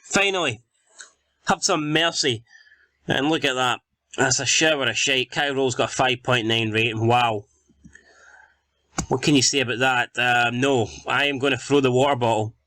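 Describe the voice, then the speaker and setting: Sweary gamer, bright voice. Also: male voice, medium pitch, normal speed, pauses often, dry recording. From Scotland. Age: young adult. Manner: exasperated, sweary, mock match commentary. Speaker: gaming YouTuber playing a football manager game. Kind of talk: casual gameplay commentary.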